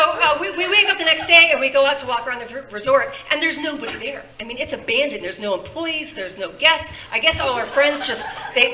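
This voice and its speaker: Bright-voiced woman telling a story live. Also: fairly high pitch. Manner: animated, laughs often, self-mocking. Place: large convention room with audience. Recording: echoey live room, distant mic.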